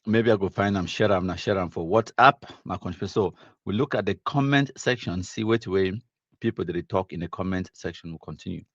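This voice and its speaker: A man's voice: deep voice, brisk, no echo, muffled recording. A man with a Cameroonian accent hosting a live stream, casually reading viewer comments aloud, mixing in Pidgin and laughing often.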